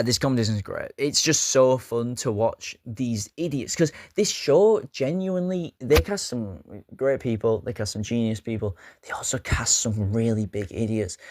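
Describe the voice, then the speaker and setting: A man's voice: medium pitch, dry recording, clean studio sound. A man hosting a casual vlog, talking in a rambling, joking way with self-mocking asides. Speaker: YouTube host.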